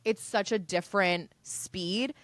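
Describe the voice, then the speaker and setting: A woman's voice: mid-range voice, takes it slowly, dry recording. A woman co-hosting a comedy podcast, telling chatty stories in a casual chat and acting out what people said. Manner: chatty storyteller, acts out quotes. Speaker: podcast co-host. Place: home room.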